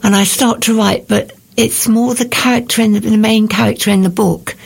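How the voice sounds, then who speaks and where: An older woman, a writer answering radio interview questions and reading from her book in a measured, reflective way. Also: a little high, fairly even intonation, creaky, slightly rough. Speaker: author guest.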